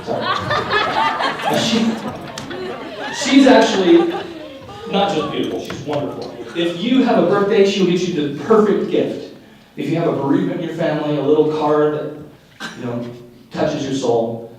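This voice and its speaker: A man's voice: fairly high pitch, lively intonation, moderate pace, long pauses, darkish tone, some chatter behind. A young man performing live stand-up comedy, telling wry self-mocking stories and acting out the dialogue. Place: live venue before an audience. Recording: very echoey room, voice from far off.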